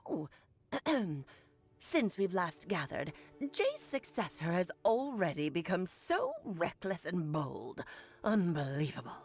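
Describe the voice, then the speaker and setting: A woman's voice: fairly low pitch, very animated, slow pace, breathy edge, exaggerated voice. A grand, theatrical old witch mentor. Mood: haughty. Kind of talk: game voice acting. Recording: game audio with faint music.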